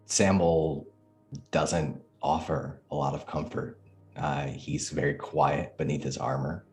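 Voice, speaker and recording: A man narrates his character's actions in a tabletop role-playing game, taking his time with each description. His voice sits very low, with faint music playing behind him. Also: fairly even intonation, slow, darkish tone. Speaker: player.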